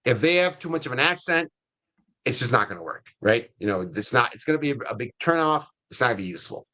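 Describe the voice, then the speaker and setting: A man's voice: mid-range voice, animated, fast, bright, forceful tone. A man speaking as a guest in a webinar interview, explaining casually and often checking in with the listener. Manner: conversational, checks in with frequent "right?" and "okay?". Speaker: guest, CEO of an ISA staffing firm.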